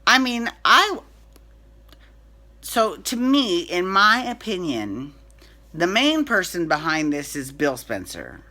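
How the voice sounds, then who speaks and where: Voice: medium pitch, very animated, slow, pauses often, pushed and bright. A soap opera recap host giving a chatty, opinionated rundown, with frequent restarts and fillers. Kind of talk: casual chat.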